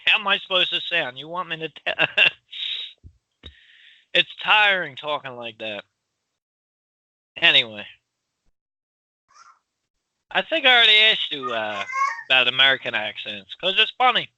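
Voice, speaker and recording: Loud, bright-voiced Philly man. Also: fairly high pitch, big pitch swings, unhurried, long pauses, no room sound, low-quality recording. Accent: Philadelphia. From Philadelphia. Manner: loud, rambling, laughs often. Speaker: podcast co-host. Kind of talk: casual chat.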